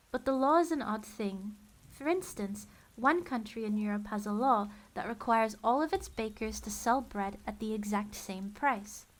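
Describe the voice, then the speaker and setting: A woman reading a children's novel aloud as narrator in a wry, dry tone. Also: medium pitch. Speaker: storyteller. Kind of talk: audiobook-style book reading.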